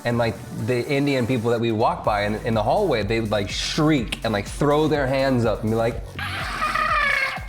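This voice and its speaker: Guy streaming a game, rambling and joking w chat, medium voice, game music loud behind. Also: mid-range voice, normal speed, few pauses. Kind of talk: casual live-stream chat.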